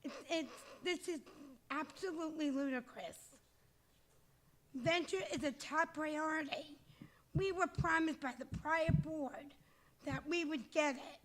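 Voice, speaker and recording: High-voiced indignant woman at a town board. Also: measured pace, slight background noise, rough recording. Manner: indignant, repeats herself when upset. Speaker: public commenter. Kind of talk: public comment at town board meeting.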